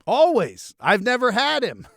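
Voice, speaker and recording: Animated, laughing male podcast co-host. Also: very high voice, measured pace, creaky, no echo, clean studio sound. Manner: animated, swearing, self-mocking, frequent laughs and restarts. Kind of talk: casual chat.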